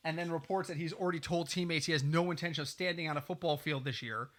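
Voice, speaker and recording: A man with a fairly high, bright voice co-hosts a casual podcast. He chats and tells stories with quick asides. He talks into a desk mic in a small home studio. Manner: chatty, storytelling, quick asides. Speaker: podcast co-host.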